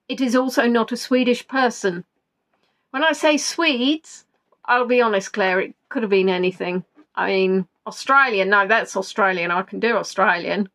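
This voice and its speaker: A woman running a live-stream quiz with a lively, sing-song voice that swoops high and low. She talks at an unhurried pace, wanders off into jokey tangents and reads out viewers' answers. Her voice sits a little on the high side. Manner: playful, rambling, jokey asides, reading out viewers' answers.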